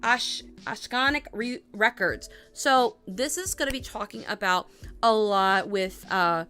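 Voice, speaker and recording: A woman's voice: mid-range voice, measured pace, bright, forceful tone, soft background music. A young woman hosting a casual tarot and astrology livestream, rambling and chatty with lots of fillers and restarts. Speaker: tarot reader.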